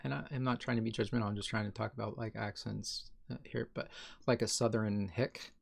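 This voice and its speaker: Fairly low-pitched and brisk, this man's voice has vocal fry and mostly even intonation. He co-hosts a podcast and is from Ohio, USA, chatting casually in a rambling style packed with fillers, restarts, and self-corrections.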